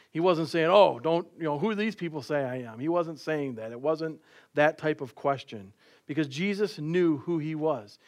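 A male preacher with a somewhat high voice delivers a sermon. He tells anecdotes, laughs lightly, and acts out the people he quotes.

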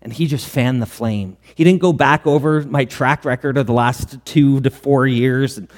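A man's voice: medium pitch, moderate pace. Male pastor preaching in a reverberant hall. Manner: earnest preaching with rhetorical questions. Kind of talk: sermon.

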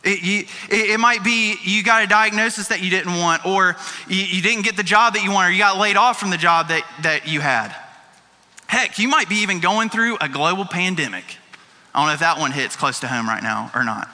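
Bright-voiced man preaching in a reverberant hall. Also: sits high, a little fast. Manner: casual, chatty preaching with playful asides. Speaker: pastor. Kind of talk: conversational sermon. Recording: long reverb of a large hall.

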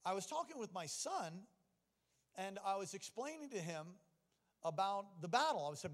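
A middle-aged man preaching a sermon, telling personal stories and moving from hushed confession to stirring exhortation. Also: sits high, animated, a little fast. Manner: personal storytelling that swings from quiet to exhorting. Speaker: pastor. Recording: long reverb of a large hall.

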